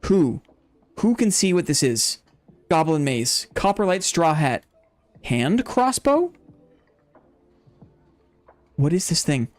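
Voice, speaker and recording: A man's voice: a little high, big pitch swings, slow pace, long pauses, no room sound. A man hosting a live game stream, playfully teasing his chat and calling in-game fights like an announcer. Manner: builds hype like a fight announcer.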